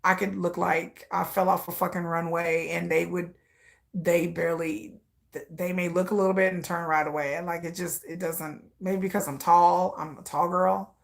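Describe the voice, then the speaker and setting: Gravelly-voiced blunt woman. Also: lowish voice, flat delivery, normal speed. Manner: blunt, profane, laughing asides. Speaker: vlogger. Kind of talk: candid personal storytelling.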